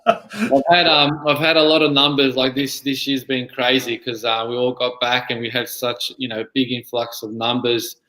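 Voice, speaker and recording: Bright-voiced Australian man, echoey room. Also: mid-range voice, steady tone, normal speed. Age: 30s. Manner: rambling, many fillers. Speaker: guest player and junior coach. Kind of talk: casual interview chat.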